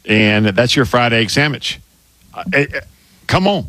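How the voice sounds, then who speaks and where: Excitable man on sports radio. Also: medium pitch, a little slow, no room sound. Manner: excitable, stammers and restarts, emphatic. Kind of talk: casual radio banter. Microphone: studio microphone.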